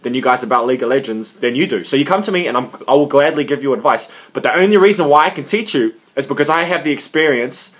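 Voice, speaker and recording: Young male vlogger, rapid delivery, mid-pitched, lively and profane, storytelling to camera. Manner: animated, swearing, acts out quoted reactions. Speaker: gaming coach and video creator. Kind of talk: casual vlog monologue with advice.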